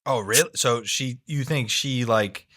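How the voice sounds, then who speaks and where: A man co-hosting a parenting podcast, chatting in a relaxed way and often saying "dude". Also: medium pitch, measured pace. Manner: laid-back, says "dude" a lot, chuckles. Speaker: podcast co-host. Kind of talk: casual chat.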